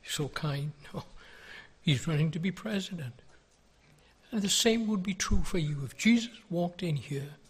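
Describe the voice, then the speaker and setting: An older man preaching a sermon, earnest and pleading, with many rhetorical questions and a husky voice. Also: high voice, normal speed, long pauses. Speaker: pastor.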